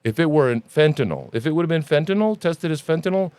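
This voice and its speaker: A man hosting a news commentary podcast, ranting in an animated, sarcastic and profane way. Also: a little high, fast, smooth, dry recording. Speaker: podcast host.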